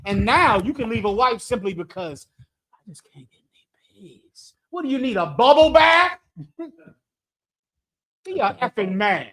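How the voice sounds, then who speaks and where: The voice is male, sitting high with a fairly bright tone. He leads a scripture class in a brash, joking manner, preaching provocatively to a live chat, throwing out rhetorical questions and laughing often at his own jokes.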